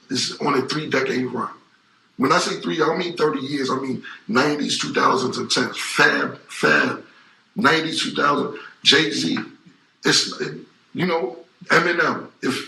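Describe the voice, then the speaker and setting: A man's voice: on the high side, gravelly, sharp tone. A man in his forties talking in a casual interview, emphatic and repetitive, with a profane street way of speaking. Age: 40s. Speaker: interview guest. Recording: roomy echo.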